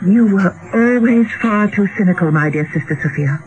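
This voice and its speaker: A woman's voice: medium pitch, animated, moderate pace, lo-fi sound, noisy background, lightly acted. An actress playing an earnest, defensive sister devoted to her good works, in a radio drama.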